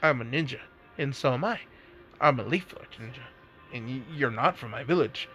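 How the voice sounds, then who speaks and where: A man voicing a weary, bemused male ninja who mutters his lines in a low, dry deadpan. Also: brisk, soft background music, natural voice. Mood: flustered deadpan.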